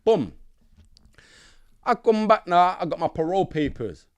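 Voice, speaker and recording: A man from Nottingham, a podcast guest telling animated stories in heavy street slang and acting out what others said. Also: high-pitched, unhurried. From Nottingham, England. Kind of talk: casual storytelling in an interview.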